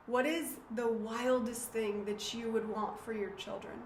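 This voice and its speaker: Earnest, higher-voiced woman in an echoey room. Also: steady tone, a little slow, few pauses. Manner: earnest, emotional, with frequent fillers and restarts. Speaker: author and host. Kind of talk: casual talk reading from her own book. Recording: roomy echo, faint background noise.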